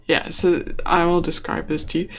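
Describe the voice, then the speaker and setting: A game master narrating a tabletop role-playing game in a hesitant, relaxed way with frequent ums. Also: mid-range voice, normal speed. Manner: hesitant, lots of ums, laughs often.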